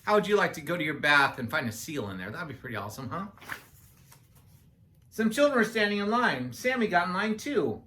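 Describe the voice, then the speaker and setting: Lady reading a picture book out loud, super lively up and down voice, chatty little asides for the kids. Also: low voice, brisk. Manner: playful, chatty asides to young listeners. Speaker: children's story reader.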